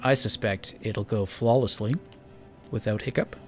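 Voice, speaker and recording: A man's voice: fairly low pitch, fairly even intonation, normal speed, darkish tone, soft background music. A man giving casual, rambling let's-play commentary while playing a space building game, joking at his own expense. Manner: chatty, rambling, self-mocking. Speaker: gaming channel host.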